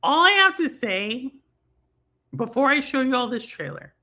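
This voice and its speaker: A young woman hosts a casual live stream in a bright, high voice that swings all over its range. She talks loosely to her chat, with plenty of fillers and quick laughs. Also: big pitch swings. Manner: chatty, laughing, lots of fillers. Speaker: stream host reading chat.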